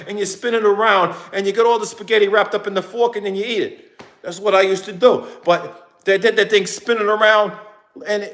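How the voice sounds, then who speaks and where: A middle-aged man ranting in a casual, rambling way to his viewers, acting out what others said. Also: sits high. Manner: animated, rambling, acts out quotes. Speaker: vlogger.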